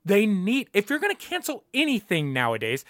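A man's voice: high voice, wildly swooping pitch, a little fast, fairly bright tone, dry recording, studio quality. A young man hosting a podcast, ranting casually and emphatically, swearing often and repeating his points. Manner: profane, emphatic, repeats himself.

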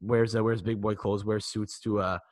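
A man's voice: on the low side, little pitch movement, normal speed. A man co-hosting a casual sports podcast, rambling with lots of restarts and casual swearing. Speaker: podcast co-host.

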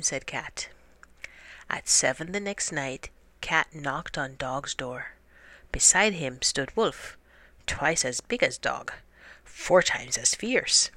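Woman reading a kids storybook out loud, slow and low, bright dry sound. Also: dry recording. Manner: measured, expressive read-aloud. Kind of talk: reading a children's storybook aloud.

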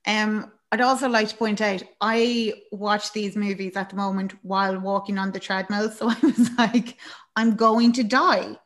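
A chatty woman talks through a film's plot in a relaxed, casual way. She fills her recap with ums and likes, and she briefly acts out the characters' lines. Her voice sits at an ordinary middle pitch. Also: normal speed, hardly any pauses. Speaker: podcast co-host.

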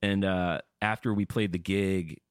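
A man co-hosting a podcast, telling a profane, animated anecdote in casual chat. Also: deep voice, a little slow, clear, resonant tone, no room sound, clean studio sound. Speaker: podcast co-host and musician.

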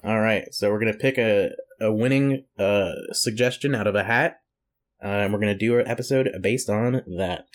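A man co-hosting a podcast in casual chat, easygoing and quick to laugh, often rambling. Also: fairly low pitch. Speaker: podcast co-host.

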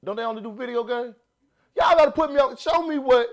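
A man with a Southern accent hosting a casual podcast, animated and laughing, restarting his sentences often. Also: very high-pitched, fast talker. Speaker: podcast host.

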